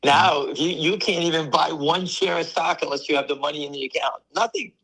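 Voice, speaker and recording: Hoarse, gravelly man talking stocks. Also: on the high side, steady tone, fairly quick, bright, forceful tone, rough recording. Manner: blunt, dismissive of critics. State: hoarse, losing his voice from allergies. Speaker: stock market show co-host. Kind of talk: casual market talk with a co-host.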